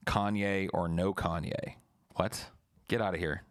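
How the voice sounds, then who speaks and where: A young man streamer chats loosely with his audience and tells stories in a blunt, profane way. His manner is laid-back. His voice sits on the low side. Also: fairly even intonation, measured pace. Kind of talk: casual storytelling to a live chat.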